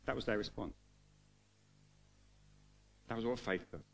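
A man preaching a sermon to a congregation, earnest and emotional, building to fervent emphasis and then falling quiet. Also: lowish voice, unhurried, vocal fry. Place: church hall with congregation.

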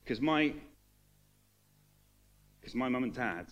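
A man preaching a sermon to a congregation, earnest and emotional, building to fervent emphasis and then falling quiet. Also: medium pitch, animated, takes it slowly, dull audio. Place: church hall with congregation.

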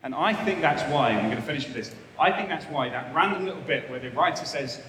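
A man delivers a sermon in an earnest, emphatic way, driving points home with short repeated phrases. His voice sits fairly high. It rings out with heavy echo and a long reverb, as in a large hall. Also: animated, fast, pushed and bright, slight background noise. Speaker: preacher. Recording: echoey hall, faint ambience.

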